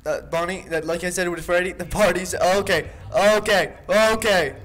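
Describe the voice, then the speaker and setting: In this horror game let's play, a YouTuber talks into a desk mic with a high-pitched, fairly bright voice, moving at a moderate pace with hardly any pauses. He jokes nervously, jumping at things and chatting to the on-screen animatronics.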